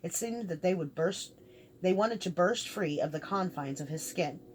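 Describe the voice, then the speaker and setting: A woman reads a fantasy novel aloud in a fairly low voice, carrying the narration and every character's lines in one steady delivery. A faint background hiss sits under the recording. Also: normal speed. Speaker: audiobook reader. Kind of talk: scripted narration.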